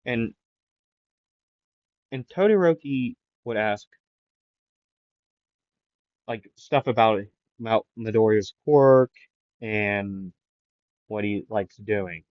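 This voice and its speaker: Spinning an improvised fan story, this man rambles with plenty of fillers and restarts, his voice kept down as a sore throat heals. He talks slowly in a lowish register, with long pauses. The recording comes from a dull lo-fi mic and is dry, with no room sound.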